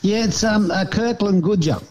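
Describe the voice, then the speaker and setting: A man's voice: sits high, normal speed, a crowd in the background. A man, chatting casually about his pigeon racing in a rambling, hesitant way with many fillers. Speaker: pigeon racer. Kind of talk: casual chat.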